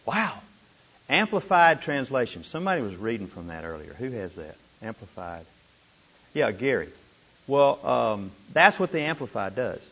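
A man teaching a group how to study scripture, animated and repeating words for emphasis. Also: mid-range voice, normal speed, slightly rough. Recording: dull lo-fi room recording.

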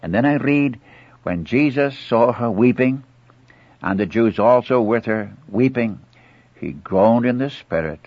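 Husky-voiced man preaching a sermon. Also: mid-range voice, animated, a little slow, no room sound. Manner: earnest, acts out scripture dialogue with pleading asides. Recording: muffled old dry recording.

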